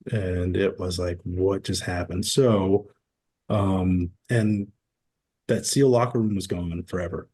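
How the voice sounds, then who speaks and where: A man in his forties, a podcast guest, telling stories in a relaxed, casual way and acting out quoted dialogue. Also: low voice, takes it slowly, husky. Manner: relaxed storyteller who acts out quoted dialogue. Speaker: podcast guest, former military. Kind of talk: casual interview storytelling.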